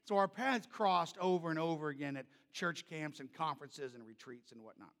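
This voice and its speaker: A male pastor telling a story in a sermon, loud and animated, then dropping to soft, gentle tones. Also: a little high, fairly quick, vocal fry, in a large hall.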